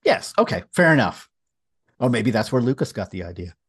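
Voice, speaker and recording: A man's voice: mid-range voice, animated, a little fast, slightly rough, dry recording, clean studio sound. A man co-hosting a casual podcast, recapping a comic with wry sarcasm. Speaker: podcast co-host. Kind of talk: casual comic book discussion.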